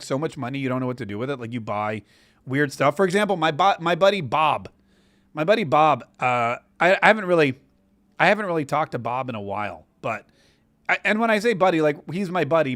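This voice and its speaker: A man's voice: mid-range voice, fairly bright tone, no room sound. An American man in his forties hosting a live stream, telling a long rambling story with many restarts. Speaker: host of a live stream show. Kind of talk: casual live-stream chat.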